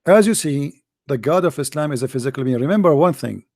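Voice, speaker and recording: A man's voice: on the high side, expressive, quick pace, a little mellow. A middle-aged man with an Arabic accent, hosting a call-in show and giving a polemical religious talk in a mocking, emphatic way with broken grammar.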